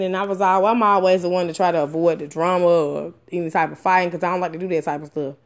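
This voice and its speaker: A woman's voice: fast talker, hardly any pauses. A woman in her thirties telling a personal story candidly and frankly, swearing often, with many fillers and restarts. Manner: animated, with sudden rises in pitch and loudness. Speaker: storyteller sharing a personal experience.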